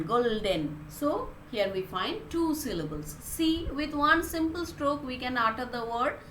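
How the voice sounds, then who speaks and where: A woman, teaching a class and explaining words slowly, one at a time. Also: high voice, expressive, a bit bright, echoey room, slight background noise. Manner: slow, explaining word by word. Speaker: English teacher. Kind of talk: recorded online class lesson.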